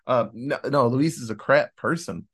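A man's voice: mid-range voice, normal speed, breathy edge. A man co-hosting a casual horror movie review podcast, rambling, swearing and laughing often. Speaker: podcast co-host.

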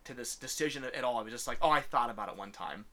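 A man's voice: medium pitch, fast, crowd noise. A young man telling a story in a casual chat, swearing freely and laughing often. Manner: profane, ranting, laughs often.

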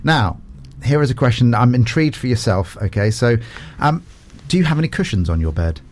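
Male radio host, chatty and playful, lively pitch, quick-fire questions. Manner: chatty, playful, laughs often. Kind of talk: casual quick-fire interview.

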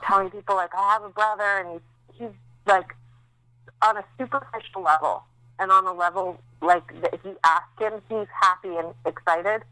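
A woman's voice: mid-range voice, moderate pace, pushed and bright, no room sound, low-quality recording. A woman in her thirties, a podcast co-host recovering after childbirth, telling stories in a candid, chatty way with many fillers. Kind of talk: casual chat.

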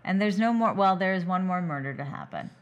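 A woman's voice: fairly low pitch, animated, brisk, highs cut off. A woman co-hosting a podcast, recapping a movie's plot in a chatty way with casual restarts. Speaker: podcast co-host. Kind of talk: casual movie-review chat.

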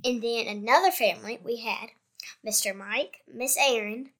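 A woman's voice: on the high side, moderate pace, fairly bright tone. A young girl co-hosting a podcast, chatting in a giggly, blunt and playful way. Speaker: co-host, young daughter. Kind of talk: casual podcast chat.

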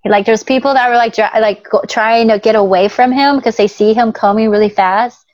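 A woman's voice: on the high side, fairly quick, darkish tone, dry recording. A chatty young woman guest rambles on in a casual conversation, laughing often. The recording is dry and slightly muffled, with a lo-fi sound. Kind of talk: casual chat.

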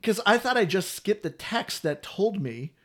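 A man's voice: sits high, sing-song, normal speed. A man hosting a casual chat, talking in a chatty, complaining way. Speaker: podcast host.

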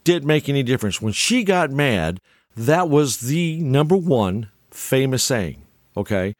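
A man's voice: medium pitch, very animated, a little slow, no room sound, clean studio sound. Folksy older man telling rambling stories. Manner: rambling, chuckling, folksy with many restarts. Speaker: storyteller. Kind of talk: casual monologue.

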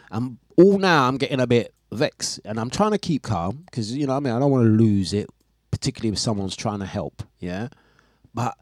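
Animated male radio host, dry close sound. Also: medium pitch, no echo. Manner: animated storytelling, exasperated and laughing. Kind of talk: casual chat on live radio stream.

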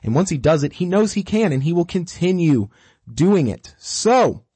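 A man's voice: fairly high pitch, moderate pace, husky, no echo. A man teaching dog training, coaching step by step in a direct, repetitive way and acting out what the dog thinks. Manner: animated, acts out the dog's thoughts. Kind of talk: instructional talk.

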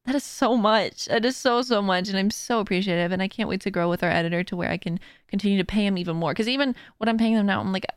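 A young adult woman hosts her own podcast and streams, chatting casually into a close mic while rambling with lots of fillers and giggles. Her voice sits at medium pitch and sounds smooth, and she talks fast with few pauses. The recording has no echo.

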